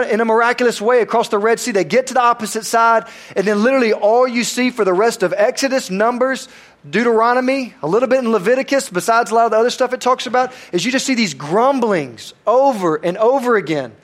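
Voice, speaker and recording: High-voiced man preaching. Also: a bit bright. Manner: conversational, self-deprecating storytelling. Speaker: pastor. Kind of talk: sermon.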